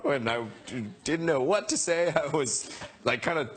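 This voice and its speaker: A male actor in an interview, telling a story in an animated way, laughing and acting out the quotes. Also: a little high, moderate pace, husky.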